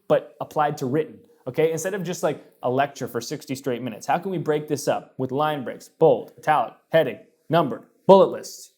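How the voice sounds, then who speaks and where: A man's voice: a little high, darkish tone. A young adult man hosting a casual advice talk, upbeat and joking as he lists tips with emphasis. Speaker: host.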